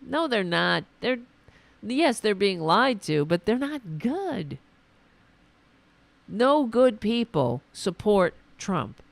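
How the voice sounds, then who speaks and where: A woman hosting a political podcast, delivering an indignant, profane rant full of restarts, her voice going hoarse. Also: mid-range voice, sing-song, slow, dry recording. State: losing her voice. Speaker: podcast host.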